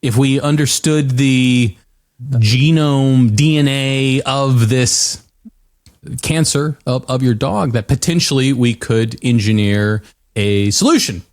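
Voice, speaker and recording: An American man with a mid-range voice, co-hosting a casual podcast. He retells a story in a loose, halting way, restarting his sentences as he goes. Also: medium pitch, darkish tone. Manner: hesitant storytelling with many fillers and restarts. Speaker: podcast co-host. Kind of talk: casual chat.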